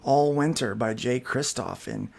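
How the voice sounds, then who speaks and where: A man's voice: mid-range voice, measured pace, vocal fry, a crowd in the background. A man hosting a casual podcast, reading comic news headlines aloud and joking about them. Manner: reads headlines, then jokes. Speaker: podcast host. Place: studio.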